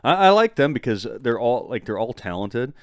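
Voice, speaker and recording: Man, podcast co-host, casual chat, middle pitch, joking, swears a lot. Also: sing-song, moderate pace, no echo, studio quality. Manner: loose, joking, swears freely. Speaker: podcast co-host and band member.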